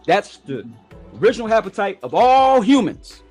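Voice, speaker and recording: Blunt, profane man, high voice. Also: big pitch swings, normal speed, a little mellow, soft background music. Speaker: show host. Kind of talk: casual profane talk show rant.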